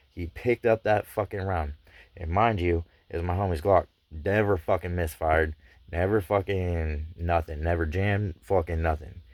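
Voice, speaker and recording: A man's voice: sits low, no room sound. A young man casually recounting a personal story in street slang, full of profanity, acting out what everyone said. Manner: profane, street slang, animated retelling of dialogue.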